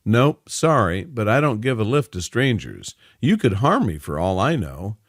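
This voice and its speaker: A man's voice: lowish voice, big pitch swings, normal speed, dry recording, studio quality. A man voicing a blunt, stern businesswoman in her forties who does not sugarcoat things. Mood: wary.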